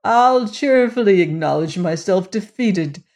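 A courtly Cossack general, as a reader puts him on, suave and quietly menacing. He draws each phrase out slowly and with relish, in a very leisurely audiobook delivery. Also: mid-range voice, expressive. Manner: courtly, unhurried, drawn-out phrasing. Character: suave menacing aristocratic Cossack general, middle-aged man. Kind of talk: audiobook character reading.

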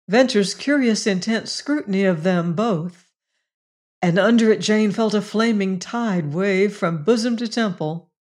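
An audiobook narrator reading a western novel in a slow, measured style. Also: medium pitch, darkish tone.

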